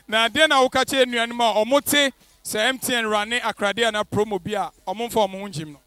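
A man's voice: high voice, fast talker, bright, forceful tone. A man hosting a promotional event as MC, upbeat and hyping the crowd. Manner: upbeat, hyping, switching into English.

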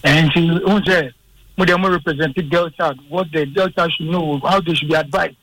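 A man's voice: a little high, fairly even intonation, moderate pace, a bit bright, low-quality recording. A man calling in to a radio show with a rambling comment. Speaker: caller. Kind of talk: call-in comment.

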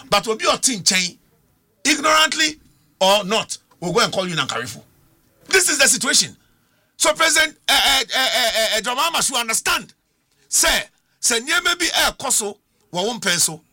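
A middle-aged man with a Ghanaian accent makes his case on a political talk show. His voice is very bright and cutting, and his pitch climbs and falls widely. He pushes every point with emphatic rhetorical questions. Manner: emphatic, argumentative, rhetorical questions, mixes languages. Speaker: political panelist.

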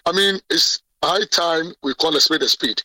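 A man's voice: on the high side, moderate pace, sharp tone, no room sound, distant mic, poor audio. A man with a Ghanaian accent, president of a journalists' association, speaking emphatically in a radio interview with many restarts. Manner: code-switching, emphatic, frequent restarts.

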